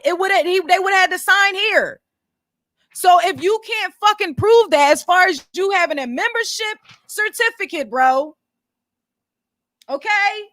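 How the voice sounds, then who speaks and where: A woman's voice: extremely high pitch, fairly bright tone, no room sound, clean studio sound. A woman hosting a casual commentary vlog, blunt and profane as she walks her viewers through business details. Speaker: commentary channel host.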